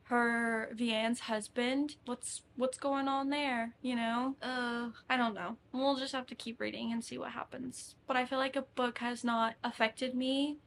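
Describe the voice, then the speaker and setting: A woman's voice: on the high side, steady tone, a little slow, gravelly, hardly any pauses. A young woman with a slightly raised voice chats casually for her reading vlog. She gushes and gets emotional as she talks about books. A faint hum of the room sits behind her. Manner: emotional, gushing and chatty. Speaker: book vlogger.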